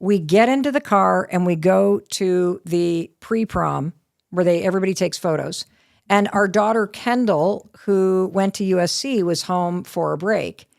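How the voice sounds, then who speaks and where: Middle-aged woman, podcast guest, gravelly texture, candid animated storytelling. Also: lowish voice, unhurried. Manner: lively, candid storyteller who swears casually. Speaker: guest author.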